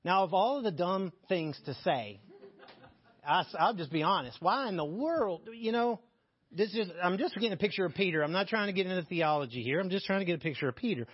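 A man's voice: high-pitched, animated, fast, husky, dry recording, muffled recording. Man teaching the Bible, frank and jokey. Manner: candid and joking, reads scripture aloud. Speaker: preacher.

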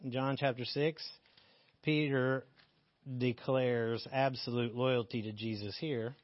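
A man's voice: mid-range voice, steady tone, slow, no room sound, muffled recording. A man teaching a Bible passage in a casual, candid way, joking as he reads and explains scripture. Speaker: preacher.

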